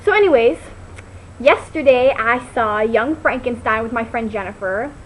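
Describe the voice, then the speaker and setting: A woman chats casually to camera on a computer mic, rambling with lots of "like" and restarts. Her voice is a little high and fairly bright at a moderate pace, in a low-quality recording with a little hiss or hum.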